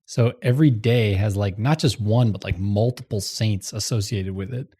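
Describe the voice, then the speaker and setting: A man's voice: fairly low pitch, moderate pace, dark tone, breathy edge. A man co-hosting a podcast in casual chat, explaining ideas in a rambling way with lots of fillers and frequent laughs. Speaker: podcast co-host.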